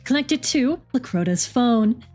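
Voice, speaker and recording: A woman doing a flat robotic car voice. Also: fairly high pitch, unhurried, soft background music. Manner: monotone, clipped announcements.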